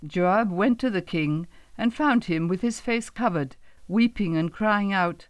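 A woman narrates a Bible story in a measured, even storytelling manner. Her voice sits at an ordinary middle pitch. The recording is dry and close, with no room sound. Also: dry recording. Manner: measured storytelling, quotes read in her own voice.

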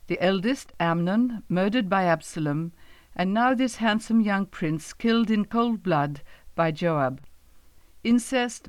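A woman reading a Bible story as a scripted narration in a measured storytelling manner. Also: mid-range voice, no echo. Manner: measured storytelling, quotes read in her own voice.

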